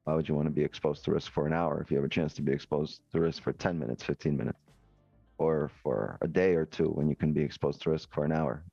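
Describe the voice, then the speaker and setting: A man's voice: rumbling low, steady tone, fast talker, vocal fry, dark tone, breathy edge, no echo, highs cut off, soft background music. A man co-hosting a trading stream, explaining in a rambling way with lots of rhetorical questions. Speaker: co-host trader. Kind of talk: casual explaining.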